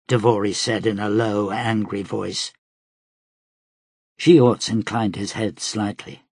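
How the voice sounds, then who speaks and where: A man reading an audiobook aloud in a steady, dramatic manner as its narrator. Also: fairly low pitch, measured pace, husky, no room sound, studio quality. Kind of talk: scripted narration.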